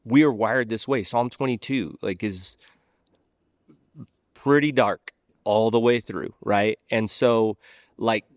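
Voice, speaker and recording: Earnest pastor with a dry close sound. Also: male voice, on the low side, takes it slowly, long pauses, no echo. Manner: earnest, searching, restarts mid-thought. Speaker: guest pastor. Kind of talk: earnest conversational explaining.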